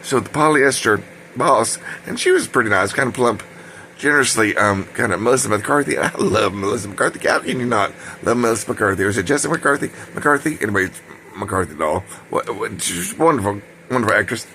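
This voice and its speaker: An older man tells a rambling story from his own life. His voice sits low and gravelly, with a bright, forward edge. He drifts into side tracks and corrects himself as he goes. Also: animated, brisk, slight background noise. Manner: digressive, full of ums and self-corrections.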